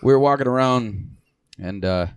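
A man's voice: medium pitch, moderate pace, smooth, no room sound. Laughing rambling man telling a story. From Michigan, US. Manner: rambling, laughs through his stories, swears freely. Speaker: podcast host. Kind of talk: casual podcast chat.

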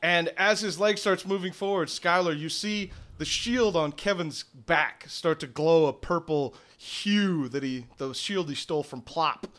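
Young male GM; descriptive, casual narration, a bit high. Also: a bit bright. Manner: descriptive, with filler pauses. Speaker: game master. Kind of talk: narrating a tabletop game.

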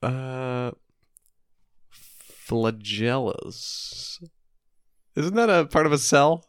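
A man's voice: mid-range voice, lively intonation, very slow, clean tone, no echo, studio quality. A man co-hosting a casual chat while playing word games, joking and playfully defensive. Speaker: co-host.

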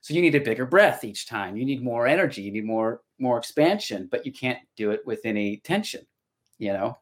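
A man's voice: medium pitch, lively intonation, a little fast. A middle-aged man and voice actor talking casually as a podcast guest, reflective and storytelling, often restarting his sentences. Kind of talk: casual conversation.

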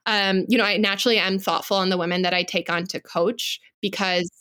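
A woman in her thirties talks casually as a podcast guest, chatty and frank. She sounds upbeat and sure of herself, with her pitch right in the middle of the range. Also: fairly even intonation, a little fast, bright, forceful tone, clean tone. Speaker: guest, luxury business coach. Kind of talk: casual interview chat.

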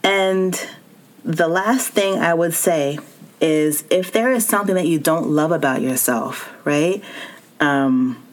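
Low-voiced woman hosting a wellness podcast. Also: takes it slowly. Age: adult with child and spouse. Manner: warm encouraging, speaks directly to listener. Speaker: podcast host. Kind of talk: solo wellness podcast talk.

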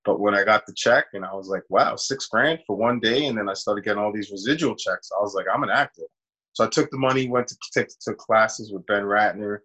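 A man's voice: on the low side, quick pace, hardly any pauses, fairly bright tone, rough recording. A man, an actor, casually telling a long personal story in an interview and acting out the voices of people he quotes. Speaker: actor guest.

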